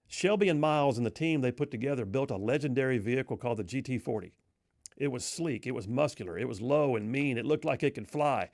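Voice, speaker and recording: A male talk radio host spins a dramatic story in a folksy, emphatic manner. His voice sits at a middle pitch. The sound is dry and close, with no room echo. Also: expressive, fast talker, a little mellow.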